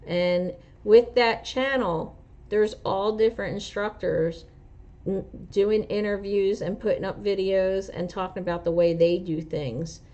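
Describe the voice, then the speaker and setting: Chatting with her livestream audience and answering their comments, a truck-driving instructor with a New Jersey accent speaks in a mid-range, steady, slightly mellow voice at an unhurried pace. She rambles with lots of fillers, and the recording has a dull lo-fi quality.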